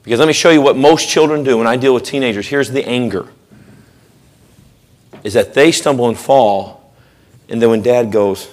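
A man preaching a sermon in church, animated, acting out quoted voices and joking with the congregation. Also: medium pitch, normal speed. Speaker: pastor. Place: church sanctuary.

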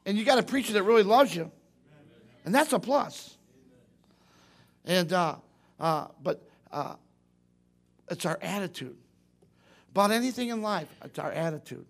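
High-voiced folksy preacher. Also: male voice, measured pace, gravelly, pauses often. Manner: folksy, animated, acts out quotes. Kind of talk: sermon.

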